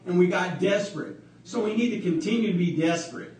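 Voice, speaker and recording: A male preacher with a high voice delivers a sermon and lets the congregation call back to him. He repeats his phrases as he goes. The recording is roomy and picks him up from some distance away. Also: fairly quick, a little mellow. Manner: repetitive, with call-and-response from the congregation. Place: church hall, livestreamed service. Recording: echoey church from far off.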